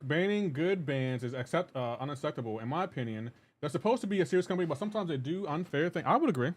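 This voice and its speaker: A man's voice: a little high, expressive, fast talker. A man streaming a game live, ranting in an exasperated way and repeating himself while reacting to chat.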